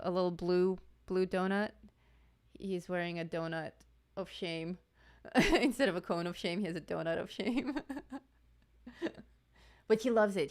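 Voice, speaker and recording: A woman's voice: fairly low pitch, darkish tone. A woman hosting a live coloring stream, chatting casually with viewers, laughing often and greeting people in the chat.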